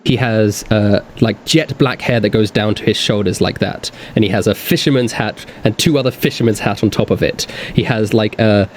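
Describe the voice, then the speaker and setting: A man's voice: on the low side, a little hiss or hum. Man narrating as game master. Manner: halting descriptions full of fillers.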